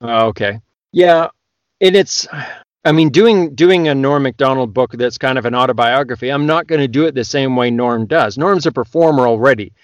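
A Canadian man, an audiobook narrator, talking loudly and excitedly as a podcast guest. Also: medium pitch, normal speed, dry recording. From Western Canada. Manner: loud, excitable talker. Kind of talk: casual podcast chat.

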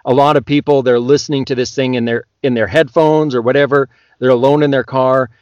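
A Canadian man, an audiobook narrator, talking loudly and excitedly as a podcast guest. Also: medium pitch, a little fast, no echo, highs cut off. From Western Canada. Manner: loud, excitable talker. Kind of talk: casual podcast chat.

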